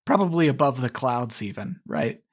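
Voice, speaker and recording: An easygoing man playing a tabletop role-play game in casual chat, hesitating often and quick to laugh. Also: medium pitch, lively intonation. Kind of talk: casual improvised storytelling.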